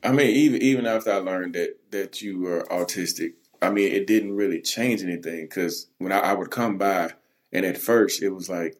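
A man hosting a podcast in casual chat, halting and repeating words as he reassures his guest. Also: sits low. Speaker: podcast host.

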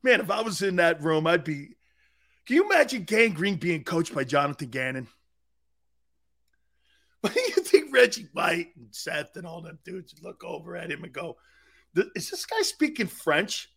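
A middle-aged man hosting a sports talk show, loud and boisterous, laughing often and mocking people in impressions. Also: a little high, very animated, moderate pace, creaky, slightly rough.

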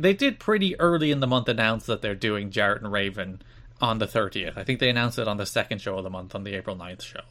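A man co-hosting a wrestling history podcast in casual chat. His voice sits at a middling pitch, and his tone is wry and loose. He laughs often and breaks into joking impressions. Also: a bit bright. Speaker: podcast co-host.

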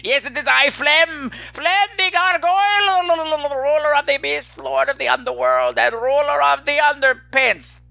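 Gravelly crude gargoyle guy, a man puts him on, gloating and theatrical, bright harsh tone, swings up high. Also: a little slow, hardly any pauses, no room sound, heavily acted. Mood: grandiose. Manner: theatrical, gloating, stumbles over words. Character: boastful crude male gargoyle, lord of the underworld.

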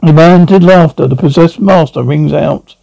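A man reads a drama script aloud, speaking the scene directions plainly. His voice is slightly high and gravelly, with a dark, mellow tone and dry, close sound. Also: measured pace, no room sound, poor audio. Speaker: reader.

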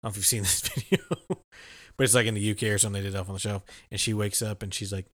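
Rambling, halting young male co-host. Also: lowish voice, level tone, a bit bright, no echo, clean studio sound. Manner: halting, rambling, filler-heavy. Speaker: podcast co-host. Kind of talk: casual chat.

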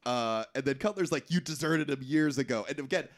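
A man co-hosting a casual movie chat, reacting with quick quips and lots of laughter. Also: medium pitch. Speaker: podcast co-host.

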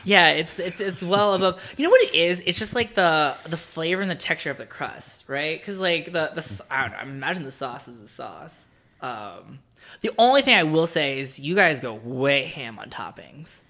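A young man from South Jersey talks as a podcast guest. His voice is bright and a touch high. He rambles casually, packing his talk with fillers and restarts. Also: lively intonation, normal speed. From South New Jersey. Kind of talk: casual chat.

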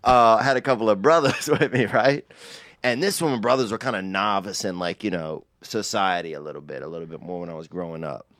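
A man's voice: on the low side, a little fast, a bit bright, dry recording, studio quality. A young man co-hosting a podcast, telling stories in a laid-back, profane way full of "bro" and "dude". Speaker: podcast co-host. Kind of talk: casual storytelling chat.

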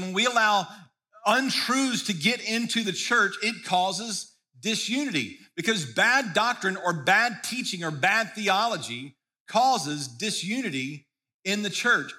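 A man's voice: high-pitched, pushed and bright. A man preaching a sermon as pastor, in a conversational way that often restarts and repeats words.

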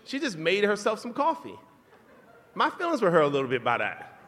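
A man's voice: high voice, fairly quick, a little hiss or hum. Man telling a story, hall reverb. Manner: laughing, animated storytelling. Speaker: podcast co-host. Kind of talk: live podcast storytelling. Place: live tour venue.

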